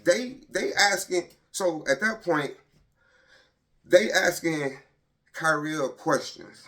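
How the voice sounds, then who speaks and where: Man telling a painful story, halting. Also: a little high, animated, a bit bright. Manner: halting, repetitive, checks in with "right?" and "you know"; heavy and emotional, voice dropping when he speaks of his pain. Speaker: grieving father telling his story. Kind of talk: personal storytelling to camera.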